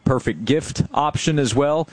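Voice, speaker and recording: Brisk man hosting a sports radio show. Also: mid-range voice, dry recording. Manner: brisk, upbeat promotional delivery. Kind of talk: radio hosting with live ad reads. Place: live broadcast at a distillery bar.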